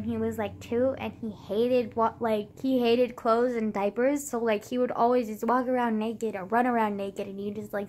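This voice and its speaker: A young woman in her late teens rambling casually to camera in a vlog, full of "like" and loose swearing. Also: on the high side. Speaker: vlogger.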